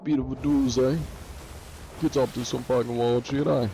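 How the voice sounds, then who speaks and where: A man's voice: mid-range voice, fairly even intonation, normal speed, slight background noise, pitched above the performer's own voice, close to an everyday voice. A man voicing a rowdy, foul-mouthed Australian bloke with a mock Australian accent who swears constantly. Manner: swears constantly, loud and laddish.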